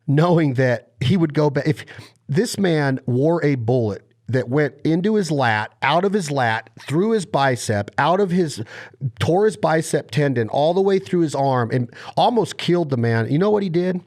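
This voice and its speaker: A man hosting a podcast interview, telling stories in an animated, impassioned way. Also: a little high, moderate pace. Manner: animated storyteller, impassioned and emphatic. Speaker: podcast host.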